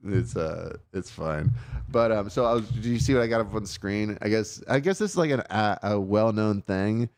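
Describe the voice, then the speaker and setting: A man with a low, smooth and resonant voice hosts a call-in show. He tells stories in a loose, rambling way, full of swearing and filler words. The sound is close and dry, with no room behind it. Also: animated, normal speed, a little mellow, no room sound. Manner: swears constantly, rambling rant with many fillers. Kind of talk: casual chat, storytelling.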